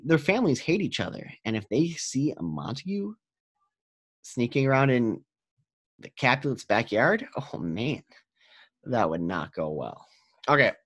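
A male teacher gives a relaxed, chatty explanation of a play. He keeps checking in with his listeners as he goes. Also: mid-range voice, no room sound. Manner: casual, chatty, checks in with "okay?". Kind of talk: classroom read-aloud and explanation.

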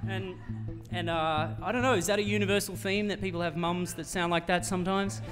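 Soft music sits under a high, steady, fairly bright male voice moving at a quick pace. He is an Australian singer-songwriter on stage at a live venue, telling a long, rambling, self-mocking comic tale between songs, full of fillers and restarts, with the hall's reverb audible.

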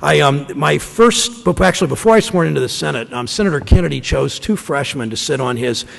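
A man in his fifties from Ohio, a senator giving a speech to a conference audience, telling stories in a folksy way with halting restarts. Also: on the high side, lively intonation. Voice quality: gravelly voice. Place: large conference room. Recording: long hall reverb.

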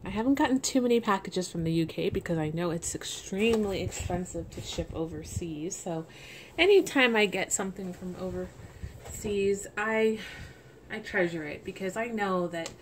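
A woman chatting casually as she unboxes a package, gushing and soft-spoken, at home. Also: on the low side, normal speed. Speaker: doll collector vlogger. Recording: steady background hiss.

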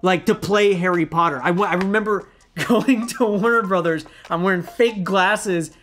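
A man in his thirties talks through his childhood red-carpet outfits in a loose, casual vlog manner. His tone is playful and self-mocking, and quiet music plays faintly behind him. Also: high voice, moderate pace. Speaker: former child actor reviewing his old outfits.

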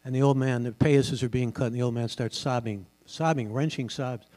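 Older man with a booming broadcaster voice. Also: fairly even intonation, brisk, a little mellow, rough recording. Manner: genial, chatty, with many uh fillers. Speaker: guest speaker and radio host. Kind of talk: relaxed storytelling talk at a public event. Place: large synagogue hall before an audience. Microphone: stage microphone.

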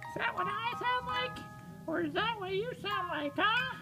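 Friendly toy sheep, very high and squeaky, bouncy sing-song, as a mother puts him on. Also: lively intonation, normal speed, over loud music. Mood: playful.

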